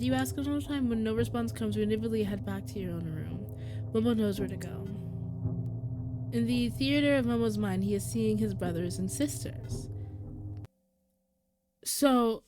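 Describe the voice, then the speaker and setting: A woman streamer reading game text aloud and reacting, animated and quick to laugh. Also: medium pitch. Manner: animated, breaks into laughter and squeals.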